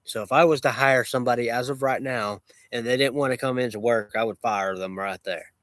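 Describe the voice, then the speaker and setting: A man's voice: mid-range voice, fairly quick, a bit bright, no echo. A man who runs a lawn care business, talking in a rambling, repetitive and boastful way with many restarts. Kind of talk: rambling casual monologue.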